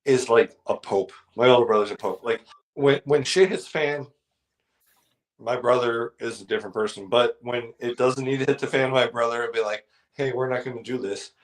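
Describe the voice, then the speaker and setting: A man in an easygoing chat, spinning a story at an ordinary pitch for his sex. He stumbles through restarts and fillers as he goes, and slips into the voices of the people he describes. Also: poor audio. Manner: rambling, full of restarts and fillers.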